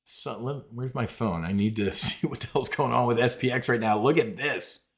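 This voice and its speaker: A brash middle-aged man runs a live trading stream, rambling through charts and trades. He keeps calling his listeners folks and ladies and gentlemen, with a voice of ordinary pitch. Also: moderate pace, hardly any pauses. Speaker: trading show host. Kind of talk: live market commentary.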